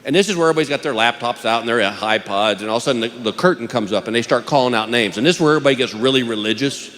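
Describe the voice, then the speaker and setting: A man's voice: medium pitch, racing, a bit bright. A man performing a stand-up comedy routine, telling a story and acting out the people in it. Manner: storytelling, acting out courtroom characters. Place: large theater stage. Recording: live show, long hall reverb, audience noise. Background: audience laughter.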